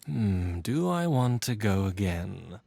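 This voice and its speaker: A man's voice: fairly low pitch, big pitch swings, slow pace, creaky, mellow, no room sound, full character voice. An actor playing a seductive male con-man lover who teases and condescends in a video game. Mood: teasing. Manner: teasing, purring, condescending.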